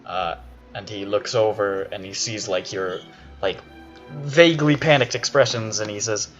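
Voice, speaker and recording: Slow-talking man running a tabletop game. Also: lowish voice, fairly even intonation, soft background music. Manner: halting, with fillers and laughs. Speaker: game master. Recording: dull lo-fi recording.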